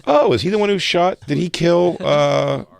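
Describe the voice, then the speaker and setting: A man's voice: sits high, moderate pace, creaky, slight background noise. A man co-hosting a podcast in casual chat, joking and crude, often slipping into silly voices. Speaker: podcast co-host.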